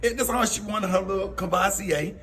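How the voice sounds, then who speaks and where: On air, a man with a high-pitched, fairly bright voice shares personal stories in a relaxed way, speaking a little fast. He laughs often and acts out quoted voices as a radio host.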